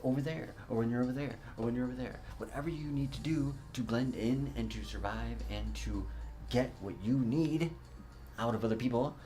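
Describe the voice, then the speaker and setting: A man's voice: medium pitch, brisk, warm tone. A man hosting a podcast, talking in a casual, profane monologue full of jokey asides. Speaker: podcast host.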